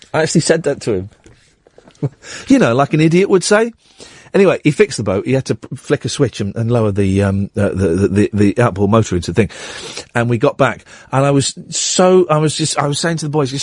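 Male radio host, middle-aged, lively storyteller with a slightly husky, dry studio sound. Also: medium pitch, fairly quick, dry recording. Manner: animated anecdote with acted-out quotes.

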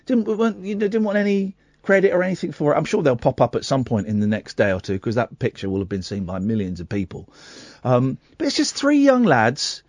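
A man's voice: mid-range voice, animated, fairly quick, a little mellow, no room sound. A man hosting late-night radio, chatting and reading out a news story with asides and self-corrections. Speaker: radio host. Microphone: studio microphone.

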